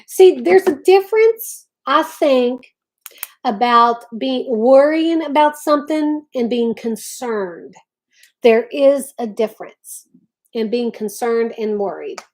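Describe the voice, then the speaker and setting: This middle-aged woman hosts a casual livestream, chatting with viewers, greeting them by name, and frequently restarting her sentences. Her voice is a little high with lively intonation, and she speaks slowly.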